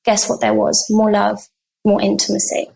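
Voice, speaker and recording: A woman guest on a podcast telling a personal story in an earnest, animated way, acting out the dialogue she recounts. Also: medium pitch, normal speed, creaky, husky. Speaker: guest coach on healing. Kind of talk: conversational storytelling.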